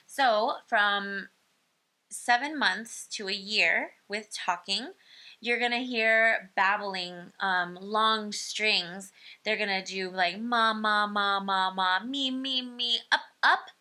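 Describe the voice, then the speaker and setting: A woman's voice: mid-range voice, bright, forceful tone. A woman giving an informal parenting lesson on baby speech, explaining in an easygoing way with frequent ums. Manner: explains slowly, many ums, imitates baby sounds. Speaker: speech-language educator.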